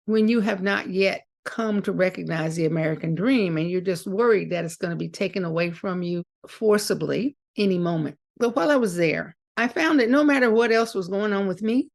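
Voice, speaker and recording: A middle-aged woman with a gravelly, low-edged voice, speaking at an ordinary pitch. She tells her stories with energy and brings the other people in them to life as she speaks. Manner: animated storyteller acting out quoted dialogue. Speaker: guest, author. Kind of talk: storytelling interview.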